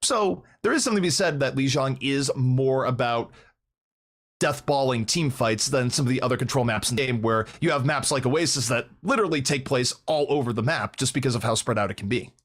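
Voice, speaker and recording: A man from Minnesota casting an esports match, breaking down maps and results in a quick, analytical way. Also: medium pitch. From Minnesota, United States. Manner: fast analytical play-by-play breakdown. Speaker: esports caster. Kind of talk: esports commentary.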